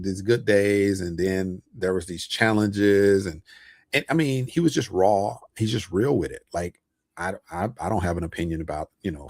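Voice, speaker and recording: A man with a very low, gravelly voice talks casually on a livestream about investing. His tone is husky and he chats loosely, with plenty of fillers and chuckles. The sound is close and dry. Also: dry recording. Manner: loose and chatty, many fillers, chuckles often. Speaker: online host talking about investments.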